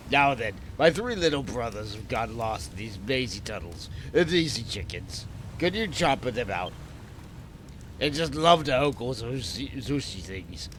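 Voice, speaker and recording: A man's voice: mid-range voice, sharp tone, a little hiss or hum, pitched below the performer's own voice. A man voicing a smoky-voiced underground creature who coaxes and pleads for help with a put-on, vaguely French accent. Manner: coaxing, wheedling, calls the listener pet names.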